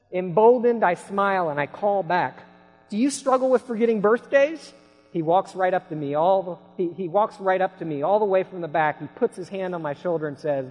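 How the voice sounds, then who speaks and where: Man, preacher, sermon, dramatic shifts from hushed to loud, fairly high-pitched, long reverb. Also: normal speed. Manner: dramatic storytelling, swinging from hushed to shouting. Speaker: pastor.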